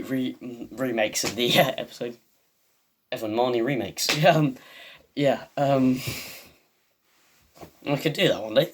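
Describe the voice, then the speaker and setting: A man's voice: mid-range voice, slight background noise. A man hosting a video, giving a rambling, casual recap of a TV episode full of "um" and "like". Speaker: video host.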